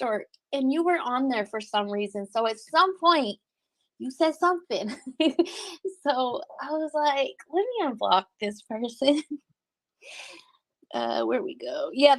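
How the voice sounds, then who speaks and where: A woman livestreaming and reading her chat, talking bluntly with lots of cursing and quick laughs. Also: a little high, dry recording. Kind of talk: casual livestream commentary.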